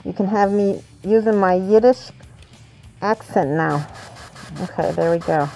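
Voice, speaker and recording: A woman's voice: mid-range voice, measured pace, gravelly, faint music behind. A woman chatting casually and rambling with frequent giggles while she paints miniatures for her viewers. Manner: chatty, rambling, giggly, soft when concentrating.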